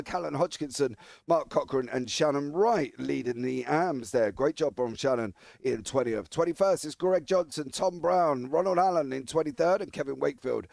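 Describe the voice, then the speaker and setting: A man commentating a live sim race, chatty and jokey, talking quickly over a noisy background. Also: on the high side, creaky, darkish tone, dry recording.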